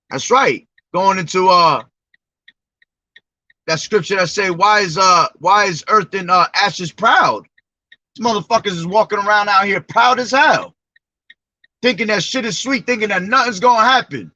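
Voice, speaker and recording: A man with a high-pitched, sharp voice preaches informally at a normal speed, reading scripture aloud between profane, slangy, emphatic remarks. The recording is dull, lo-fi and dry, with no echo.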